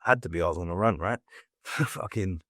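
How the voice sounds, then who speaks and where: Low-voiced young Englishman, blunt talk. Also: moderate pace, a bit bright, no room sound, clean studio sound. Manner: blunt, swearing, acts out voices in quotes, many fillers. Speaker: guest telling his life story. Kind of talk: casual storytelling interview.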